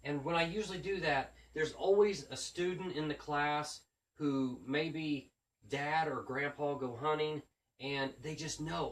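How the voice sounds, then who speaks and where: Speaking at a normal pace in a slightly high voice, this man, an author of children's books, spins a casual monologue about visiting schools. He performs his classroom chatter with the kids in an animated way, recorded with a far-off mic that gives a roomy feel.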